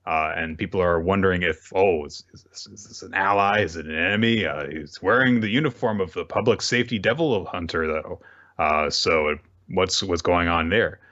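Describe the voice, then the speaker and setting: A man's voice: deep voice, lo-fi sound. A man co-hosting a casual talk show, recapping manga chapters and acting out characters' lines as he goes. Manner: animated, acts out characters' lines in quick voices, laughs often. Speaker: podcast co-host.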